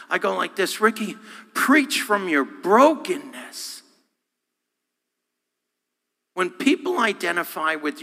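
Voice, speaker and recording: A man, a guest speaker, preaching a sermon with animated, humorous delivery, acting out voices and quotes. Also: a little high, vocal fry. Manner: humorous, self-deprecating. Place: church sanctuary. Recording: long hall reverb.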